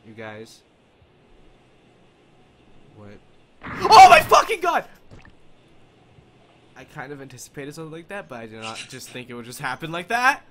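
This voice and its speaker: A man's voice: mid-range voice, sing-song, fairly quick, pauses often, background noise. A young man giving jumpy horror game commentary, swearing a lot and shrieking in panic. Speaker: let's play gamer.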